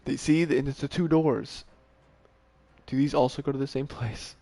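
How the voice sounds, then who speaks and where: A man streaming a video game, talking casually to himself and to the characters on screen, swearing often and getting worked up quickly. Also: mid-range voice, fairly even intonation, gravelly, warm tone, no echo. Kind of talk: casual gameplay commentary.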